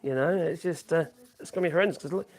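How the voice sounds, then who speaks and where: A fast-talking streamer with a mid-range voice chats casually into a phone from a home workshop. They read out viewer messages, ramble, hum to themselves, and chuckle often between ideas.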